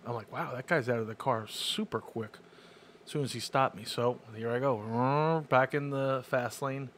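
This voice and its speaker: A man's voice: medium pitch, normal speed, a bit bright, a little hiss or hum. A man co-hosting a casual chat, telling a story in an easygoing, rambling way. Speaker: podcast co-host.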